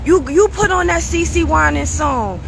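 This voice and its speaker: A woman's voice: sits high, moderate pace, creaky, background noise. A woman hosting her own show, giving a casual, preachy motivational talk with a strained, tired voice and frequent "you understand?" asides. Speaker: show host.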